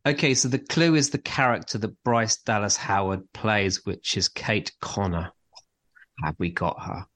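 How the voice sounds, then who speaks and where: A man's voice: on the low side, unhurried, a bit bright. A man co-hosting a casual podcast, chatting about TV and running a light quiz in a rambling, teasing way. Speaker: podcast co-host.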